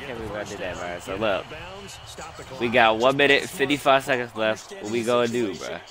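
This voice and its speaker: A young man giving loud, excited commentary while playing a football video game, swearing and bursting into shouts. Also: fairly low pitch, normal speed. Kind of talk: excited live gameplay commentary. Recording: loud game crowd noise behind. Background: game stadium crowd.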